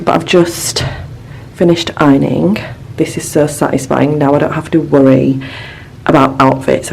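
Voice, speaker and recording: Young woman vlogger, chatty and emotional, a little gravelly, roomy echo. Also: low voice, a little mellow, slight background noise. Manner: chatty, gushing and emotional, lots of fillers. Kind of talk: casual travel vlog chat. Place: hotel room. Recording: echoey room with faint ambience.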